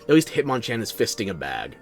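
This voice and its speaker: A man's voice: fairly low pitch, huge pitch swings, brisk, faint music behind. A tired man streaming a video game, talking in a sardonic, theatrical way. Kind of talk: game commentary.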